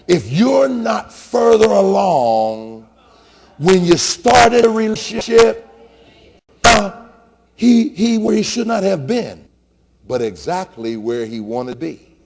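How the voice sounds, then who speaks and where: A preaching pastor with a husky growl. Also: male voice, sing-song, measured pace. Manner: call-and-response preaching, swings from low murmurs to shouts. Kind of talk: sermon. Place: large church sanctuary. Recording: church hall reverb, light noise.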